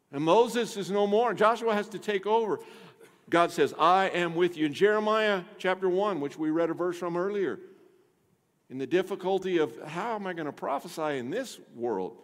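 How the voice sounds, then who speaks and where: A man delivers a sermon from the pulpit in a slightly raised voice. He dips low and quiet, then climbs to loud, emphatic repetitions, stretching key words for weight. His words ring out with a long reverb through a large sanctuary. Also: normal speed. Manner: dynamic preaching, swings from hushed low to emphatic loud; repeats phrases and drags out key words. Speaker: pastor.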